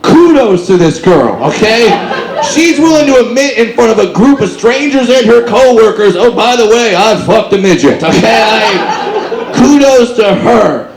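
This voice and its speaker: High-voiced man doing animated stand-up. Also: moderate pace, creaky, a crowd in the background. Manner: animated, acts out characters in loud high shouts. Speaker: stand-up comedian. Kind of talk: stand-up storytelling. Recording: echoey live venue with background noise.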